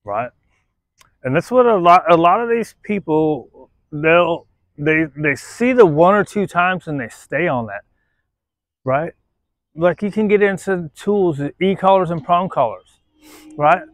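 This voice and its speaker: A male dog trainer giving casual, on-the-spot commentary while he works a dog, blunt and quick to swear, tagging his points with "right?" and switching to a high coaxing voice for the dog. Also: animated, no echo. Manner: blunt, tags sentences with "right?", swears freely; coaxes the dog in a much higher voice between explanations. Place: outdoors at a playground jungle gym.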